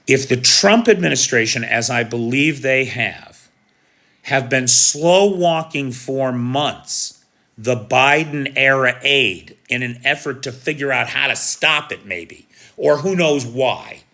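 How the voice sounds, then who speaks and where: Bright-voiced American man commenting on news. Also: medium pitch, slow pace. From United States. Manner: conversational, opinionated, frequent rhetorical "right?".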